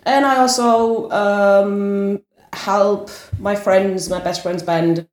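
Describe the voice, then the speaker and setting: Soft-spoken woman guest in a roomy space. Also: mid-range voice, steady tone, slow. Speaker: guest, booker and tour manager. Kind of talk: casual chat. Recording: roomy echo.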